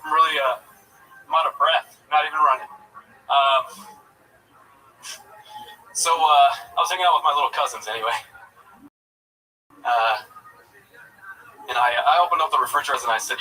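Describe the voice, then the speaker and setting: A man doing a stand-up set, delivering crude jokes in a halting way with lots of fillers, then chatting about himself. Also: mid-range voice, fairly even intonation, bright, forceful tone, slightly rough, far from the mic, low-quality recording. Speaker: stand-up comedian, guest.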